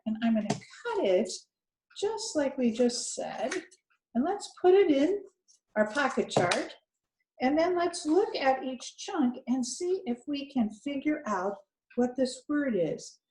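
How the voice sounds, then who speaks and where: A woman teaching a children's reading lesson, talking slowly and encouragingly as she thinks aloud. Her voice is mellow and soft-edged. The sound carries some room echo. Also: a little high.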